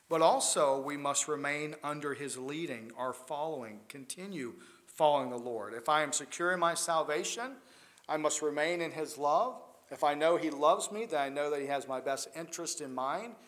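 Male preacher, higher-pitched voice, emphatic, loud-to-quiet sermon delivery. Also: normal speed.

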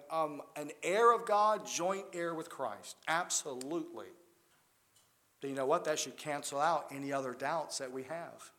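Emphatic man preaching a sermon. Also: fairly high pitch. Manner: swings from loud emphatic to quiet intense.

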